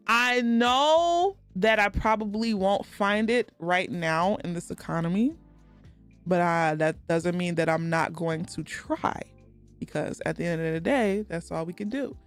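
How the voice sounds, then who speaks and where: Lively lisping Texan woman streamer. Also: fairly low pitch, vocal fry. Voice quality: slight lisp. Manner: laughs often, talks back to chat. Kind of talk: casual live-stream chat.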